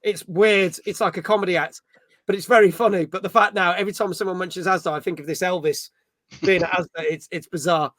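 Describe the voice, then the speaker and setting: A middle-aged man with a Birmingham accent runs a gaming chat show in easy, rambling talk, dropping swear words as he goes. His voice sits high for a man. It is recorded close and dry, with no room sound. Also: steady tone, fast talker, a bit bright, no echo. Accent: Birmingham English. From England. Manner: chatty, swears freely, laughs at himself. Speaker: podcast host.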